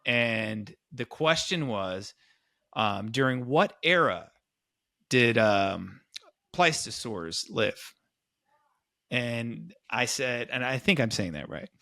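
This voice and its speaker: A man's voice: medium pitch, lively intonation, takes it slowly, gravelly, pushed and bright, dry recording, clean studio sound. A man co-hosting a podcast, talking casually and with enthusiasm, rambling with many restarts. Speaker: podcast co-host. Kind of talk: casual chat.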